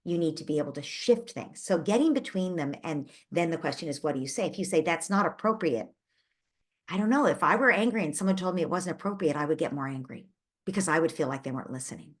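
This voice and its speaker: A woman's voice: sits low, animated, fast. A woman hosting a parenting Q&A who answers a parent's question with empathetic, reassuring coaching and thinks aloud with small restarts. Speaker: parenting advice host.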